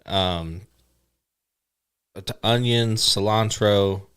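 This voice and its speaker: Man, lowish voice, mild, laughs easily, podcast co-host. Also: very slow, fairly bright tone, clean tone. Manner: mild, laughing, low-key replies. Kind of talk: casual chat.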